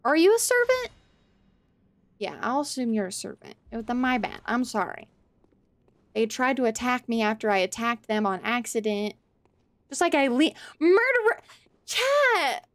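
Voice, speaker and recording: High, lively-voiced woman streamer. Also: moderate pace, pauses often. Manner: playful, reactive, swears and laughs often, talks to chat. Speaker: game streamer. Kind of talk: live gameplay commentary.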